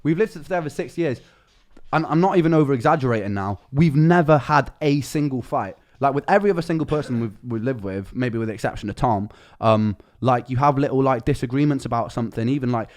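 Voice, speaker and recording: Young male streamer, rapid chatty storyteller, mid-pitched, swears a lot. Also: expressive, a little mellow. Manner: fast, chatty, swears freely, slangy. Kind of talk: casual storytelling chat.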